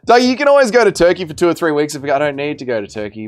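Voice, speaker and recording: Australian streamer, wry and self-mocking, fairly high voice, faint music behind. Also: male voice, animated, fast, hardly any pauses. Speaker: livestream host. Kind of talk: casual livestream chat, reading out chat messages.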